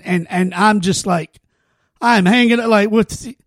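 A man's voice: sits high, a little slow, no room sound, clean studio sound. A man hosting a podcast, telling stories in a casual, earnest way with many false starts and restarts. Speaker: podcast host. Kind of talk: casual heartfelt conversation.

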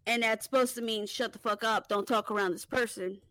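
Woman, fairly high voice, dry close sound, animated storytelling, profane, laughing often. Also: fairly quick, no room sound. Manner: animated, profane, laughs while telling stories. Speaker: podcast host. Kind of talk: casual storytelling chat.

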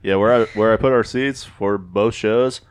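A man's voice: lowish voice, fairly even intonation, normal speed, clean tone, no room sound. A man co-hosting a podcast in casual chat, often restarting his sentences. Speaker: podcast co-host.

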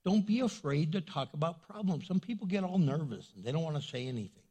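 Husky, lively-voiced male pastor preaching. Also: on the high side, fast talker. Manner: animated, joking, repeats points for emphasis. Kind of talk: sermon.

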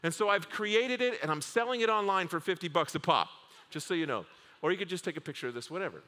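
Male pastor, high bright voice, animated joking sermon, reverberant hall. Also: fast talker. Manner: humorous, animated storytelling with acted asides.

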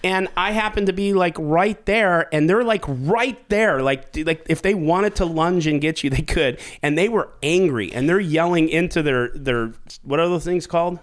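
Slightly high-voiced and speaking at normal speed with few pauses, a man hosts a podcast and tells a story casually. There's plenty of swearing, and he's lively enough to crack himself up.

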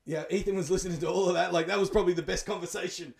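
A man's voice: high voice, steady tone, racing, vocal fry, a little mellow. A middle-aged Australian man co-hosting a podcast, telling stories in an easygoing way and laughing often. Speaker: podcast co-host. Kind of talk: casual banter.

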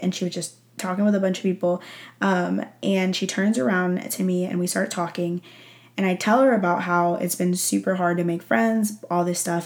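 Chatty young woman with a gravelly low voice. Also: a little mellow. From Texas. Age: young adult. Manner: chatty, emotional, laughs often, many "like" fillers. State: teary-eyed. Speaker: podcast host. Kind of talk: casual personal storytelling. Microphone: audio-only recording.

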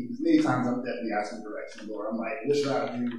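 A man's voice: medium pitch, very fast, a little mellow. A young man in college giving a casual, chatty youth sermon, telling personal stories and laughing now and then. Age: young adult. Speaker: youth speaker. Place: church youth room. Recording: echoey room from far off, faint noise.

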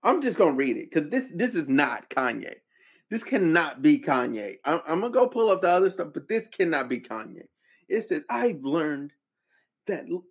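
Animated slangy man ranting casually. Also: a little high, husky, dull audio. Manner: animated, incredulous outbursts, slangy. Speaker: podcast host. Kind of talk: casual commentary.

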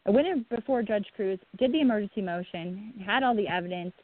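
Woman telling her story over a phone line. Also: medium pitch. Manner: halting, many restarts, voice breaking. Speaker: guest, bereaved mother. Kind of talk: emotional personal account.

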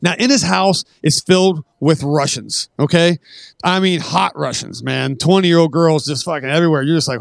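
A profane, animated middle-aged storyteller. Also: male voice, on the high side, fairly quick, gravelly, no room sound. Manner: profane, animated anecdote-telling that acts out quoted dialogue. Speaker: podcast guest. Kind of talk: casual storytelling.

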